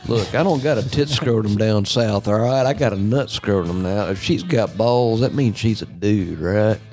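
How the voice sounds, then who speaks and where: A man with a drawl chats casually on a podcast. He jokes loosely and swears freely, in a fairly low voice. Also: moderate pace, a little mellow, faint music behind. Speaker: podcast co-host. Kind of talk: casual chat.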